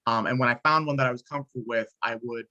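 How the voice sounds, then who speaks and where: A man's voice: mid-range voice, very fast, pushed and bright, highs cut off. A male student sharing his experience in class, hesitant and restarting often. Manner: hesitant, many restarts and fillers. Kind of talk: class discussion.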